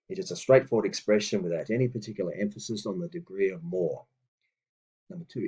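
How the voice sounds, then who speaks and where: Low husky man teaching old phrases. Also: dark tone, highs cut off. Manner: slow and deliberate on old words, with hesitant fillers. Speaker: language teacher. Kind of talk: lesson reading out phrases. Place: room with books on a table.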